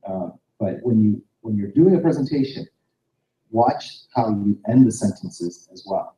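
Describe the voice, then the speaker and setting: A man's voice: fairly low pitch, lively intonation, a little slow, mellow. A man giving practical presentation advice to a class. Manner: practical, explanatory. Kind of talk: classroom lecture. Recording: distant mic in echoey room.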